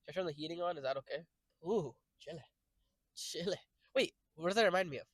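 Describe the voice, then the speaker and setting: A young man streaming, rambling through jokey, profane tangents with sudden loud outbursts. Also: a little high, fast talker, dry recording, low-quality recording. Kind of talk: casual rambling stream chat.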